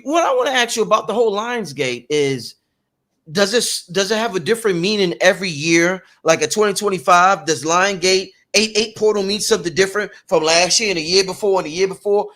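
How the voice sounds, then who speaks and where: A man in his thirties hosting a casual podcast, telling stories in an animated, slangy way with lots of repeats. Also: high-pitched, a little fast. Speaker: podcast host.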